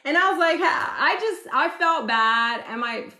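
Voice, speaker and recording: A woman hosting a casual astrology live stream, loud and chatty, laughing often as she tells stories and answers viewers. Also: sits high, lively intonation, a little slow. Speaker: astrology livestream host. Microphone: phone. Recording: roomy echo.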